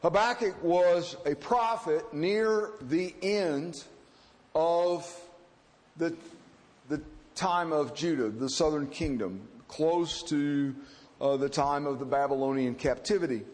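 A pastor delivers a sermon in an earnest, halting manner, pausing often on fillers. His voice sits high for a man. A long hall reverb trails each phrase. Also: darkish tone. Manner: earnest, hesitant with frequent fillers.

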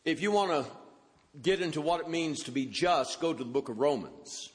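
Man, preacher, sermon, fairly high voice, long hall reverb, emphatic scripture quotes. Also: lively intonation, normal speed.

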